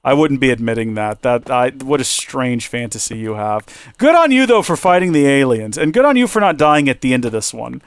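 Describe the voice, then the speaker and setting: A man's voice: medium pitch, sing-song, fairly quick, clear, resonant tone, no room sound. Rambling joking man, voice wearing out. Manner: rambling, joking, teasing viewers. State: losing his voice. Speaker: gaming channel host. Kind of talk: chatty let's-play commentary.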